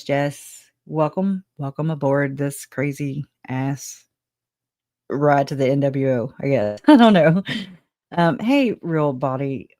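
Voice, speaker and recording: A woman's voice: low-pitched, darkish tone, no room sound, studio quality. A woman hosting a casual livestream and reading viewer comments aloud. She rambles, laughs often, swears casually and sounds emotional and grateful. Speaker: livestream host.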